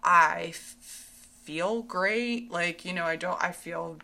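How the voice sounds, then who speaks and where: A woman's voice: lowish voice, slow, vocal fry, pushed and bright. A young woman co-hosting a podcast, chatting casually and enthusiastically. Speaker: podcast co-host. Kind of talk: casual chat.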